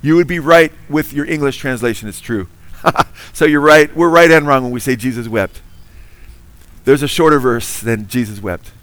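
A man's voice: medium pitch, normal speed, fairly bright tone, dry recording. A man preaching a sermon, earnest and emphatic, quizzing his listeners with Bible trivia.

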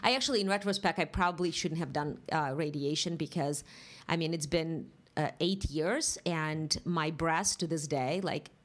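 Brief: middle-aged woman guest, lowish voice, lively candid storyteller who voices other people. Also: moderate pace. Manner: animated storytelling, acts out quoted voices, laughs often. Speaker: guest, author. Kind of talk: candid interview talk.

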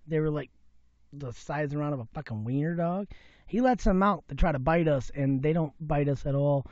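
A man with a fairly high voice tells a rambling, profane story as a podcast guest. He swears constantly and slips into other people's voices. The sound is dry and dull, like a lo-fi recording. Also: normal speed, a little mellow, dry recording. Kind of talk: casual podcast chat.

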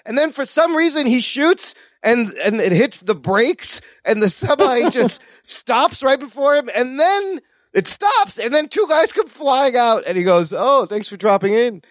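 A man co-hosting a podcast, chatting casually about action movies, animated and swearing freely. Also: very high-pitched, a little slow, dry recording, studio quality. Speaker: podcast co-host.

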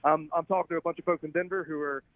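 A man with a Southern US accent from Alabama, a filmmaker guest chatting casually in an interview, relaxed and rambling with many restarts. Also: a little high, rapid-fire, dry recording. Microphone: phone line. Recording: tinny phone line.

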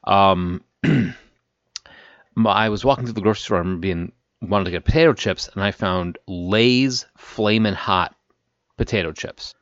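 A man from the Chicago area telling stories on a podcast, animated and laughing as he acts out quotes. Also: low voice, a little slow, no echo, dull audio. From Chicago area, Illinois. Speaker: podcast co-host. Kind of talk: casual chat.

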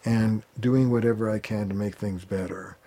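Therapist guy explaining stuff in an interview, warm mellow voice, acts out the fights he's describing. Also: on the low side, normal speed, gravelly. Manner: animated, acts out quoted arguments. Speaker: family therapist guest. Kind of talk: conversational interview.

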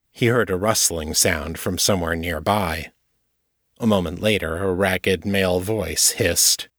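A man reading his own novel aloud in steady, measured audiobook narration. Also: low-pitched, no echo, clean studio sound.

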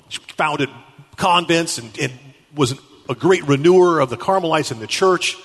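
A man giving an animated storytelling talk at a Catholic conference, acting out the people he quotes. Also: on the high side, breathy edge. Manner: animated, acts out quotes with shifting voices. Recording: echoey hall.

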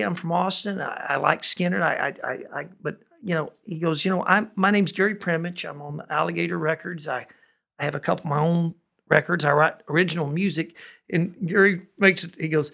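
A man's voice: a little high, steady tone, fairly quick, vocal fry, pushed and bright. A man, a musician guest in a studio, telling rambling stories and laughing often. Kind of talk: storytelling in a relaxed conversation. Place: recording studio.

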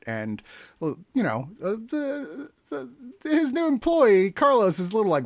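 A man hosting a casual movie review podcast, rambling and animated, swearing freely. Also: high voice, moderate pace, dry recording. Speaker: podcast host.

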